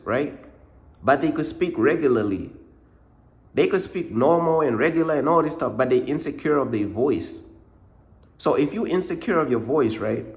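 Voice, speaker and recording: A man giving a casual, informal faith pep talk in slangy speech, repeating his points and often calling the listener "bruh". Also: medium pitch. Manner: repetitive, informal slang, says "bruh" a lot; emphatic, circles back to points. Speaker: ministry channel host.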